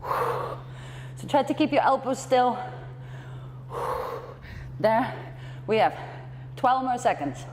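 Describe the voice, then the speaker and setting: A woman's voice: a little high, expressive, slow pace, long pauses, big-room sound, slight background noise. A woman fitness trainer coaching a workout class, encouraging and out of breath between exercises.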